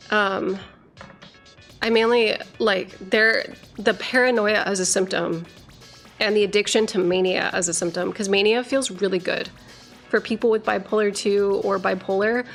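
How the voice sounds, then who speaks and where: Woman streaming and chatting w her viewers, mid-pitched voice, rambly w lots of likes and ums, faint music underneath. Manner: rambling, with many fillers and restarts, profane. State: struggling to articulate, slurring slightly. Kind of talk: casual live-stream chat, reading viewer messages.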